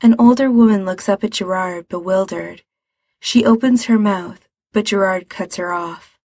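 A woman reading a story aloud as narrator, in an even, measured manner. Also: medium pitch, dry recording. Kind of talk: reading fan fiction aloud.

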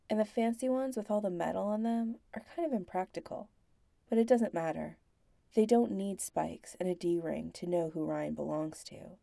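A woman narrating a scripted story in a slow, hushed, intimate voice that slips into whispers. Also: fairly low pitch, vocal fry, no room sound.

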